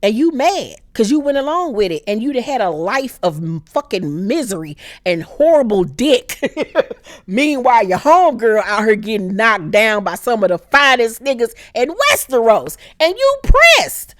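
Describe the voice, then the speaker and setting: Animated woman recapping a TV show. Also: on the high side, normal speed, no room sound, studio quality. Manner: animated, acts out characters in exaggerated voices. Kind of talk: casual profane TV recap.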